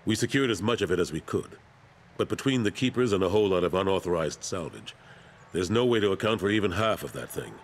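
An actor voicing a weary older male soldier turned councilor in a video game, speaking calmly and earnestly. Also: low-pitched, fast.

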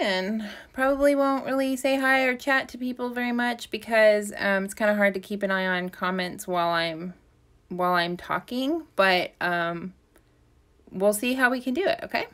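A woman's voice: fairly high pitch, fairly bright tone. A woman hosting a casual live stream from her craft shop, talking in a chatty, rambling way with lots of ums and self-corrections.

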